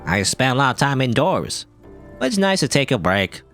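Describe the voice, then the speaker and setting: A man's voice: medium pitch, big pitch swings, normal speed, fairly bright tone, faint music behind. A man reading as a shy lizard creature. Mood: mild. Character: shy male lizard creature who likes the cold.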